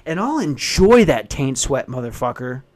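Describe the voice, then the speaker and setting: A man's voice: mid-range voice, sing-song, normal speed. A man hosting a solo podcast, talking in a blunt, profane, self-deprecating casual rant. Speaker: podcast host.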